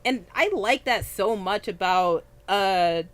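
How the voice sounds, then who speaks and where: A woman's voice: mid-range voice, slow pace. A woman co-hosting a casual anime review chat, talking freely, swearing often and tripping over names.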